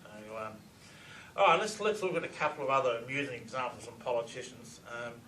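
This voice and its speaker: A man's voice: mid-range voice, fairly quick, bright, forceful tone. A man giving a lecture presentation, explaining clips in a matter-of-fact way with frequent fillers. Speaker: presenter on reverse speech. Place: lecture room with audience. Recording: echoey room, distant mic.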